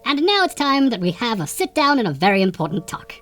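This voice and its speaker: A man voicing a pompous puppet word expert who hosts a comedy segment, sarcastic and quick to indignant rants. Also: very high-pitched, sing-song, pushed and bright, soft background music, heavily acted. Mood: lecturing. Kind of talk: sketch comedy monologue.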